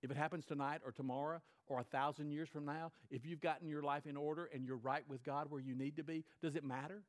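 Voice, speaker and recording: A man preaching a sermon to his church, emphatic, rising high and loud then dropping low and quiet. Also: fairly even intonation, fast talker, hardly any pauses. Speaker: pastor.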